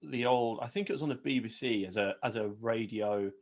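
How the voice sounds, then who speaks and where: A man's voice: medium pitch, fairly quick. Man, podcast co-host, casual crude banter. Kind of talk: casual chat.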